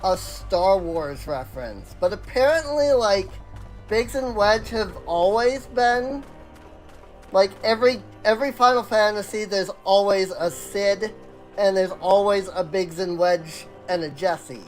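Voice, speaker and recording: A game streamer giving casual, rambling let's-play commentary, chatty and quick to laugh. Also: mid-range voice, faint music behind, low-quality recording.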